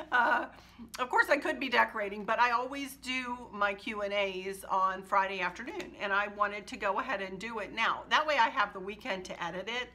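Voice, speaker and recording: Brief: woman decor vlogger, bright tone, gushing and sentimental, quick laughs. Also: medium pitch. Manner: warm, gushing and emotional, laughs often. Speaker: home decor channel host. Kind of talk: casual chat to viewers.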